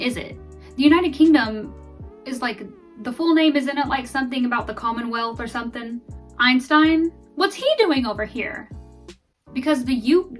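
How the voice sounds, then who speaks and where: Female vlogger, rambling and self-deprecating play-by-play, slightly high voice. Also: distant mic. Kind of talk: casual gameplay commentary.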